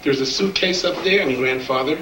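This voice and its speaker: A man's voice: on the high side, fairly quick, recorded from a distance, slight background noise. Echoey storytelling rabbi, man. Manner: animated storyteller, acts out voices in quotes. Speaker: rabbi telling stories. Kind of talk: sermon storytelling. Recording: echoey room, speaker away from the mic.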